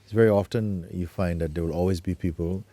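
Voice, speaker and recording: A man acting as a spiritual teacher, talking gently and unhurriedly in an informal talk, often adding tag questions like "you see". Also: low-pitched, fairly even intonation, fast, no echo.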